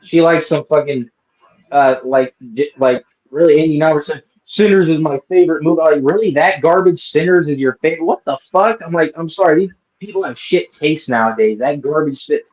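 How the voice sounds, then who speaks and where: Ranting man, swears a lot, slightly high voice, lo-fi muffled audio. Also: fairly quick, darkish tone. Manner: profane, ranting, mocks people in put-on voices. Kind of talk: casual live-stream chat. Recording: dull lo-fi sound.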